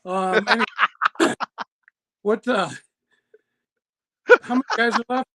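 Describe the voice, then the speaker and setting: A man's voice: very high-pitched, slow pace, pushed and bright. A man playing a tabletop role-playing game, gleefully describing his character's attacks. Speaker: player.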